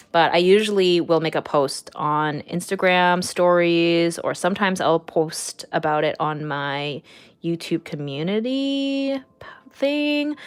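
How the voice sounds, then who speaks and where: A young woman chatting casually on a home art livestream, rambling with lots of fillers and small laughs. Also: on the low side. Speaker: artist streaming live.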